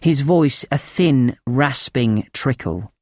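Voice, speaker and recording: A man narrating a dark tale in the first person, in a measured, grave manner. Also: mid-range voice, no echo, clean studio sound.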